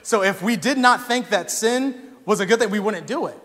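A young man preaching a sermon in a church, talking casually and telling stories with animated energy that rises to shouts. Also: sits high, moderate pace. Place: church sanctuary. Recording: long hall reverb.

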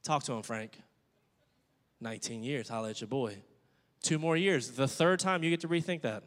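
A man preaching a sermon as pastor, energetic and joking, calling on the congregation to respond. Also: mid-range voice, normal speed. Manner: jokey, playful asides. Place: church sanctuary. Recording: long church-hall reverb.

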